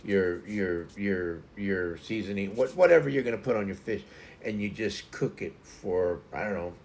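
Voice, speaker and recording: A man's voice: on the low side, normal speed, a little mellow. A middle-aged man, hosting a casual live stream and rambling with lots of repeated words and fillers. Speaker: livestream host. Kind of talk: casual chat to stream viewers.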